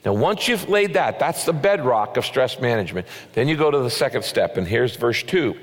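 A pastor preaching a sermon in an earnest, emphatic way, asking rhetorical questions. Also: male voice, mid-range voice, very animated, normal speed, long reverb tail.

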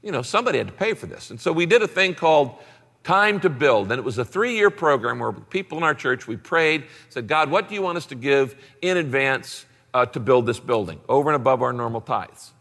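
Bright-voiced pastor in a reverberant hall. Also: male voice, mid-range voice, expressive, fairly quick, gravelly. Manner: acts out dialogue with God in shifting voices. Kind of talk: storytelling sermon. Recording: long reverb of a large hall.

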